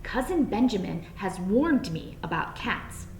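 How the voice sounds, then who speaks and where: A woman's voice: mid-range voice, sing-song, a little slow, a little hiss or hum. A woman voicing a naughty young male bunny who pleads in a small, breathless voice. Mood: eager. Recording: roomy echo.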